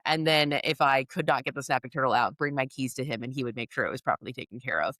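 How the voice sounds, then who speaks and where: A woman co-hosting a podcast, chatting casually and telling animated stories with frequent laughter. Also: extremely low pitch, fast, dry recording, clean studio sound. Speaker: podcast co-host and coach. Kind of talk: casual conversational storytelling.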